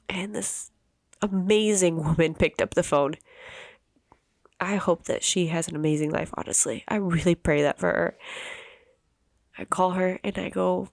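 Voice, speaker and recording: A woman in her thirties, a podcast host telling a personal story in an emotional, halting way with many restarts. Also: on the low side, steady tone, creaky, dry recording, clean studio sound. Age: 30s.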